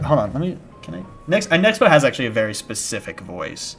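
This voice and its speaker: A young man chatting his way through a live game stream, rambling and tripping over restarts, then breaking into shouted panic when something jumps out at him. His voice sits in an ordinary middle range, with faint music playing in the background. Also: mid-range voice, wildly swooping pitch, fast talker, slightly rough. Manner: rambling and self-interrupting, with sudden shouted panic at scares. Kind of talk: casual live-stream chat while playing.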